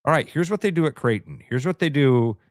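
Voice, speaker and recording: Radio co-host guy, mid pitch, dry close studio sound, goofs around and laughs at himself. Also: animated, fairly quick, no room sound. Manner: banter, laughs at his own jokes, repeats words. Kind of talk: casual sports talk.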